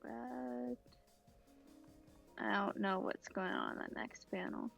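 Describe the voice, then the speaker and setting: Slow-talking woman recapping a comic. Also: medium pitch, gravelly, fairly bright tone, soft background music. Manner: hesitant and unhurried, many ums. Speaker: podcast co-host. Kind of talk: casual manga recap, reading out dialogue.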